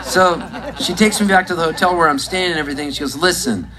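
A man telling a long, rambling story on a live stage, his voice a little high for a man. He keeps a deadpan delivery that now and then breaks into laughter, while a packed audience laughs loudly around him. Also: quick pace, low-quality recording. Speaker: musician and comedian on stage. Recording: live recording with loud crowd. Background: audience laughing, guitar.

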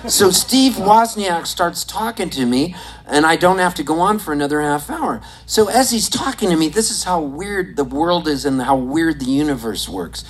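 A performer on stage telling a rambling, excitable story, often breaking into laughter. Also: mid-range voice, normal speed, low-quality recording. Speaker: comedian and musician on stage. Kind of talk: stand-up storytelling. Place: on stage at a desert venue.

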